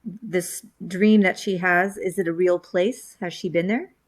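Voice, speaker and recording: A woman's voice: lowish voice, steady tone, measured pace. A woman player in a tabletop game asking the game master questions. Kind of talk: casual chat.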